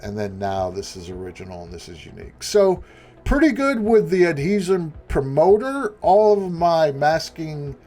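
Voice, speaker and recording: A man's voice: fairly high pitch, big pitch swings, normal speed, dark tone, soft background music. A man narrating a prop-making tutorial voice-over in a chatty, self-deprecating, rambling way with frequent restarts. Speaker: prop maker.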